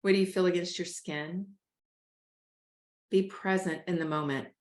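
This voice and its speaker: A woman hosting a show, calmly coaching listeners through a breathing exercise. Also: lowish voice, moderate pace, reverberant. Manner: calm, coaching, addresses listeners as "y'all". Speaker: host, life coach. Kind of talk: guided breathing instruction.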